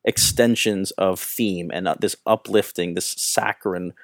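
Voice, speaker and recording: A man's voice: low voice, fairly even intonation, measured pace, no room sound, clean studio sound. A man co-hosting a podcast, talking about films in a casual, opinionated and emphatic way. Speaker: podcast co-host, film critic. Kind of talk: casual film review chat.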